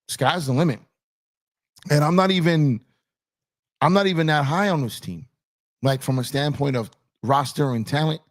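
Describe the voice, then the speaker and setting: A man whose voice sits on the high side hosts a lively basketball talk show, emphatic and repetitive, speaking directly to his chat and calling them "y'all." He broadcasts from a home studio with purple lights using an on-camera streaming setup.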